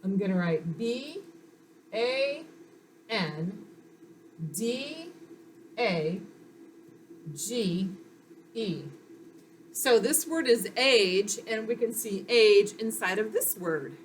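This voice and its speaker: A woman teacher leads a phonics lesson for young children, sounding out each letter slowly and patiently. Her encouraging delivery is unhurried, with a faint hiss of background noise. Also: mid-range voice, lively intonation.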